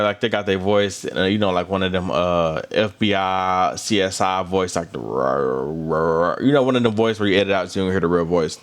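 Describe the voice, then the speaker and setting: Chatty lowish-voiced man recapping reality TV. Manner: chatty, animated, talks straight to viewers. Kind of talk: casual commentary. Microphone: phone or camera held close.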